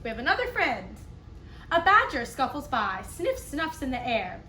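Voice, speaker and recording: A woman kindergarten teacher reading a picture book aloud, expressive, with playful asides to the children. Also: high-pitched, normal speed, slight background noise. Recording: echoey room.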